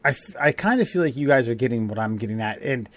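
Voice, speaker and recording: A man's voice: mid-range voice, animated, quick pace, dry recording. A man hosting a casual podcast chat, rambling and profane, often laughing. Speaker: podcast host.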